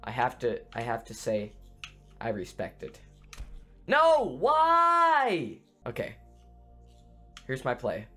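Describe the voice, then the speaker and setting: A man giving excitable let's play commentary on a video game, screaming and making silly sound effects. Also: fairly low pitch, moderate pace, faint music behind. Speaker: gaming YouTuber.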